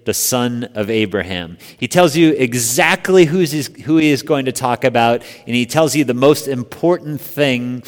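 An American man preaching a sermon in a relaxed, conversational way, quizzing his congregation. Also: medium pitch, normal speed, few pauses, big-room sound. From United States. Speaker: pastor.

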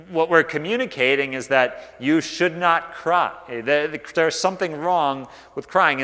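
Male pastor, relaxed conversational sermon, mid-pitched voice, long hall reverb. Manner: conversational, self-deprecating, with many restarts and fillers.

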